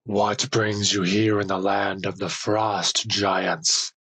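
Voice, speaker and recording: A huge boastful frost giant voiced by a man speaks in a slow, menacing bellow. His voice sits low with a husky edge, and each word is drawn out heavily. It is a storybook giant, proud and threatening. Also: steady tone, a bit bright, no room sound, exaggerated voice. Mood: growling.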